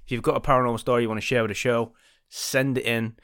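A man's voice: medium pitch, level tone, fast talker, a bit bright, no echo, studio quality. A man hosting a podcast, telling a crude joke and rambling casually. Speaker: podcast co-host.

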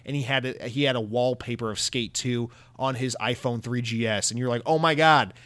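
A man's voice: mid-range voice, level tone, fairly quick, fairly bright tone, no echo. Sarcastic ranting man, dry sound. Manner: sarcastic, profane, mocking impressions of companies. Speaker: gaming commentator. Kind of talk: ranting video commentary.

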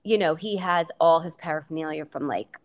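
A woman's voice: low-pitched, a little fast. A middle-aged woman, a guest on an interview podcast, talking casually in a rambling way with many fillers and restarts. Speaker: guest, coach's wife.

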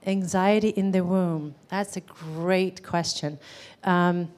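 Woman therapist teaching a live class, lowish voice, chatty, asks the room questions. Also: steady tone, slow pace, darkish tone. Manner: conversational, questions to the audience, many "um"s and "right?".

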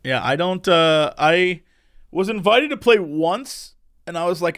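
A man's voice: sits high, animated, a little slow, a bit bright, no echo, clean studio sound. A young man who streams and makes videos, chatting animatedly, rambling and laughing a lot. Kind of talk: casual chat.

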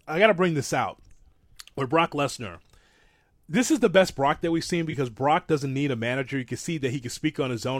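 A man co-hosting a casual wrestling talk show, rambling and self-deprecating, with animated asides. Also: on the high side, brisk, no room sound, clean studio sound. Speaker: podcast co-host.

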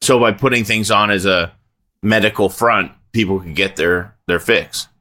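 A man co-hosting a casual podcast chat, opinionated and emphatic, quick to disagree. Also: lowish voice, bright, forceful tone. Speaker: podcast co-host. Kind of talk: casual chat reacting to a show.

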